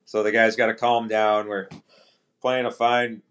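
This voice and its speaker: A man's voice: on the low side, a little slow. A man, a pro hockey player as podcast guest, telling a story casually and acting out what teammates said. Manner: relaxed anecdotal, quotes teammates in dialogue; frequent restarts and fillers.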